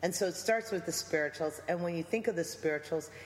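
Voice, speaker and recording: A woman's voice: on the low side, quick pace, a little hiss or hum. A woman guest in a conversational interview, talking reflectively and preacher-like about faith and music. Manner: reflective, preacherly, quotes scripture. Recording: echoey room with long reverb and faint ambience.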